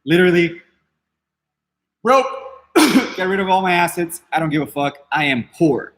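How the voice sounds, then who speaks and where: A man's voice: on the high side, normal speed, a bit bright, a little hiss or hum. A man hosting a podcast, ranting casually in a brash, defiant way, swearing freely and rambling with many restarts. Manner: dismissive and defiant. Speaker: podcast host. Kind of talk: casual unscripted rant.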